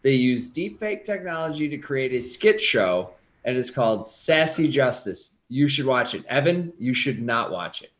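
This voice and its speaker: Guy on a podcast, teasing and excitable, mid-pitched, casual swearing. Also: moderate pace, hardly any pauses. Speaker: podcast co-host. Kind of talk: casual chat.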